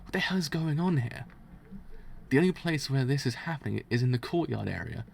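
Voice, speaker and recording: A scheming priest villain mutters under his breath, counting prime numbers to stay calm, as a man reads the manga aloud. The voice is mid-pitched with a gravelly edge, and it turns sharp and bossy when he gives orders. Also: a little fast, slight background noise. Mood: frantic, indignant.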